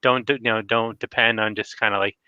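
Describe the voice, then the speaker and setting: Guy chatting on a stream, bright tense voice, keeps saying like and you know, dull lo-fi sound. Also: fairly low pitch, steady tone, brisk, clean tone, no room sound. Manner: rambling, heavy on fillers and restarts. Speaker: retro collecting YouTuber. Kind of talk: casual livestream chat.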